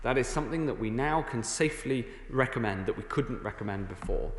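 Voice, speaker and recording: A man's voice: mid-range voice, lively intonation. Man in a hall-like echoing chamber. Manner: halting, filled with uh and um. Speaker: government minister answering MPs. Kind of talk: parliamentary statement. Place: large debating chamber, indoors. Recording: echoey chamber with long reverb.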